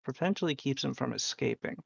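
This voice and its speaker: A game master narrating a tabletop game in an earnest, deliberate way. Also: mid-range voice, animated, vocal fry, slightly rough, dry recording, lo-fi sound.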